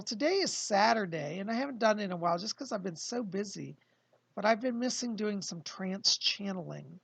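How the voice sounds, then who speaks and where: Guy doing a chill livestream at home as a medium, raspy voice, explains stuff calmly. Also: high voice, no room sound. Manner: calm, reassuring, explanatory. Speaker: psychic medium. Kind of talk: casual livestream talk. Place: his home.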